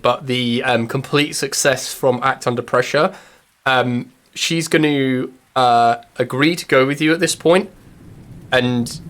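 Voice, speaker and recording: A man's voice: medium pitch, fairly bright tone, a little hiss or hum. A man narrating as game master, hesitant and full of fillers.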